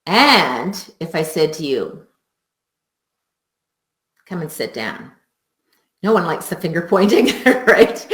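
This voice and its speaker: A woman teaching music teachers in a live webinar, upbeat and expressive, laughing often. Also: on the low side. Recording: roomy echo.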